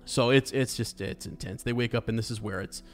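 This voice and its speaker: A man's voice: mid-range voice, brisk, soft background music. A man co-hosting a casual book podcast, thinking aloud with many restarts and fillers. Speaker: podcast co-host. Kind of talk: casual book discussion with read-aloud passages.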